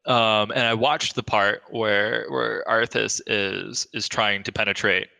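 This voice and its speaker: A man's voice: fairly low pitch, steady tone, a little slow, creaky, sharp tone, in a large hall. A man co-hosting a podcast, chatting loosely and jokingly about a game cinematic. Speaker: podcast co-host. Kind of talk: casual discussion of a game cinematic.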